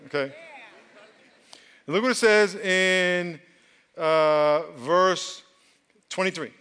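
A man's voice: high voice, slow pace, pushed and bright, clean tone. A male pastor preaching a sermon, leading the crowd in call-and-response. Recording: long hall reverb.

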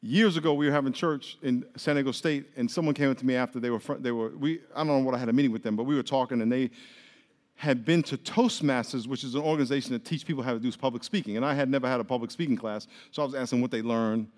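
A man preaching a sermon as pastor, lively, often acting out quoted voices. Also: mid-range voice, quick pace. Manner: animated, acts out quoted voices. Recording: long reverb of a large hall.

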